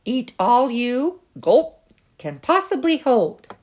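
A big, flustered mother bear from a picture book, as a woman reading aloud puts her on. She speaks gruffly and gulps between her words, with a lively rise and fall and an unhurried pace. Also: high-pitched, heavily acted. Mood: coaxing.

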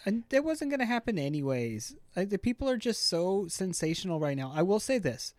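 Laid-back joking man, slightly high voice. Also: sing-song, brisk, a little mellow, dry recording, studio quality. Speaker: podcast co-host. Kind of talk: casual chat.

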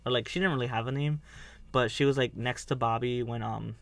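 A man's voice: mid-range voice, steady tone, brisk, vocal fry, a bit bright, dry recording. Rambling casual man podcasting. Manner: rambling, lots of fillers. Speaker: podcast host. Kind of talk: casual chat.

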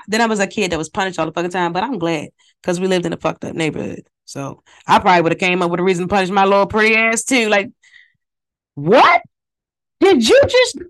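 A woman's voice: medium pitch, a bit bright. A woman hosting her podcast in a casual, rambling monologue. She swears a lot, wanders off topic and talks straight to her listeners, with her mouth close to a phone microphone. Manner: profane, digressive, talks to listeners directly. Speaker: podcast host.

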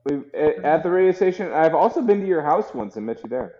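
A man's voice: on the high side, expressive, fast talker, dark tone, dull audio. A man appearing as a guest on a casual podcast, joking in a dry, offhand way.

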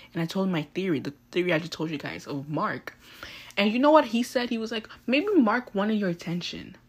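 A teenage girl hosting a podcast, telling a story in a chatty, animated way full of fillers. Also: lowish voice, husky. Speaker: podcast host. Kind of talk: casual storytelling.

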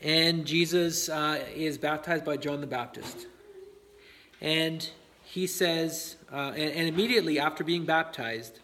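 A man delivers a sermon in a loose, conversational way, leaning on fillers and quick check-ins with the listeners. His voice sits a little higher than most men's, and he slips in light laughs between points. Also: a bit bright. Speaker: pastor.

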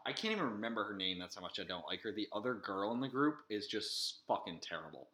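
A man's voice: lowish voice, expressive, quick pace, crowd noise. A young man co-hosting a podcast, talking casually and bluntly, swearing often. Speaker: podcast co-host. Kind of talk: casual chat.

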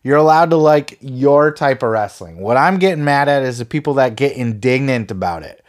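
A podcast host rants heatedly in an expressive, mid-range voice at a moderate pace. He swears a lot and sarcastically mocks his listeners.

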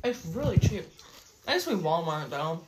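A woman's voice: fairly low pitch, big pitch swings, normal speed, a little hiss or hum. A woman chatting casually about her day for a travel vlog in a hotel room, rambling with lots of "like". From United States. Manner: chatty, rambling, many "like" fillers.

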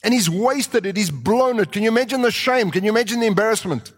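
A man preaching a sermon with animated delivery, acting out quotes and rising to shouts. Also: high-pitched, fast, breathy edge. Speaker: pastor. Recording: long reverb of a large hall.

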